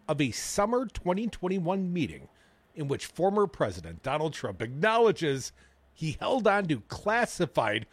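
Male radio host, sarcastic political banter, a bit high and very animated, dry studio sound. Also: dry recording. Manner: wisecracking, reads news items aloud with sarcastic asides. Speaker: radio talk show host. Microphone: studio microphone.

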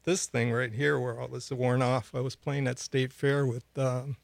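A gravelly man from Milwaukee, a bassist guest on a radio show, telling his stories in a relaxed, halting way full of ums and uhs. The sound is dry and close. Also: no echo. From Milwaukee, USA. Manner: relaxed storyteller with many fillers. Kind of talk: casual radio interview.

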